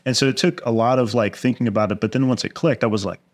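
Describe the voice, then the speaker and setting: A man's voice: medium pitch, fast. A man who is a guest in an interview, telling personal stories candidly and acting out other people's words in raised voices. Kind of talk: candid storytelling conversation.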